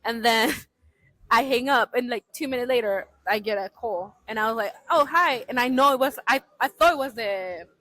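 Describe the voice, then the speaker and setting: Lively higher-voiced woman telling a story. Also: normal speed, no echo, rough recording. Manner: animated, laughs often, repeats words, non-native English grammar. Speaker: podcast guest. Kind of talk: casual storytelling.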